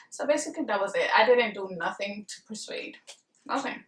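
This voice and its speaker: A woman's voice: mid-range voice, animated, a little fast, fairly bright tone. A young woman vlogger giving casual marriage advice, rambling with many fillers and speaking bluntly and emphatically. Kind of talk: casual advice chat to camera. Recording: echoey room, voice a bit far from the mic.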